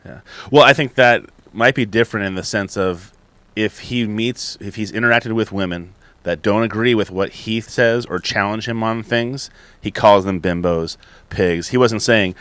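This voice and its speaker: A man co-hosting a podcast, speaking in a measured, agreeable way with plenty of fillers. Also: on the low side, fairly bright tone, clear, resonant tone, no echo. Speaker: podcast co-host. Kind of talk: casual podcast debate.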